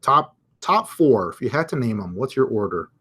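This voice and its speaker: A man hosting a live crypto market stream, giving casual chart commentary, chatty and thinking out loud as he reads viewer comments. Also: medium pitch, very animated, moderate pace, slightly rough.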